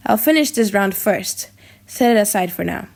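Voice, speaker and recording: A woman's voice: mid-range voice, animated, normal speed, creaky, darkish tone. A woman reading the lines of a bitter young prince in an audiobook drama, wry and cutting.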